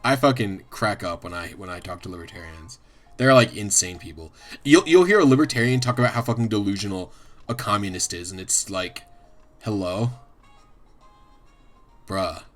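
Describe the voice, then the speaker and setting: A man's voice: fairly low pitch, animated, a little fast. Profane, rambling man streaming with faint music. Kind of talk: casual livestream chat.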